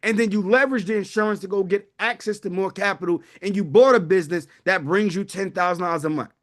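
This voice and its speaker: A man with a high-pitched voice speaks quickly while hosting a live online wealth-building class that works as a sales pitch. He is fervent and preachy, calling out to his viewers.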